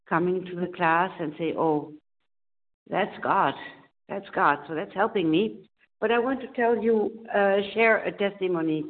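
A woman calling from Germany who shares a personal testimony in a meeting, halting and repeating phrases as she searches for words. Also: lowish voice. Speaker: meeting attendee sharing. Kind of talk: personal testimony on a phone call. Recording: tinny phone line.

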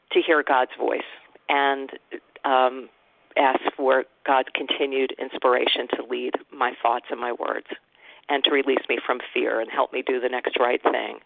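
A woman speaks in a heartfelt, reflective way at a recovery meeting. Her voice has a gravelly edge, and the audio is dry and narrow like a phone call. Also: rumbling low, dry recording. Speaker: meeting member sharing. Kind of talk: personal sharing at a recovery meeting. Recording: tinny phone-line audio.

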